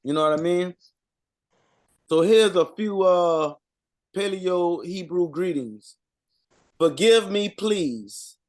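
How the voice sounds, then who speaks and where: Slow, halting man, fairly high voice. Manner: halting, sounds out words, many fillers. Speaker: co-presenter reading out vocabulary. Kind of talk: informal language lesson.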